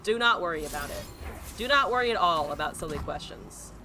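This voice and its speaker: Commenting live on her card game, this woman rants at her opponents with plenty of cursing and clear exasperation. Her voice is on the low side, pushed and bright, with lively intonation and a slightly fast pace, and there's slight background noise.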